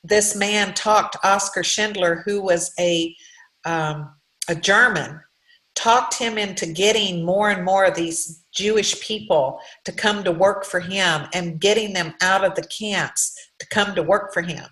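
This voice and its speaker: A woman's voice: medium pitch, a bit bright, roomy sound, poor audio. Earnest woman giving a heartfelt pep talk. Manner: earnest, heartfelt, preachy, with halting restarts. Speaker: guest speaker, direct sales leader. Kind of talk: motivational faith-based talk.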